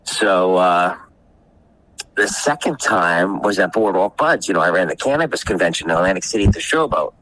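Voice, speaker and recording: A man's voice: low voice, normal speed, fairly bright tone, slight background noise, low-quality recording. A man telling a rambling, profane story on a casual podcast, often acting out the people he quotes. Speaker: guest storyteller.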